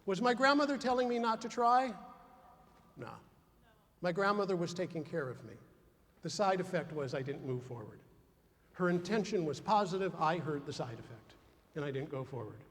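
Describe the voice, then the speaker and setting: Male conference keynote, funny storyteller, bright high voice with big swings, echoing hall. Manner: animated storytelling with acted-out dialogue. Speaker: keynote speaker. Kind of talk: humorous motivational keynote. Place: large conference hall before a big audience.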